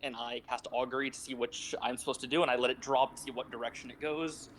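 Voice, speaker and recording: A man at a tabletop game, quickly describing what his character does. A faint hiss sits behind him. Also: medium pitch, steady tone, fairly bright tone, rough recording. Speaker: player. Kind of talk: casual tabletop play.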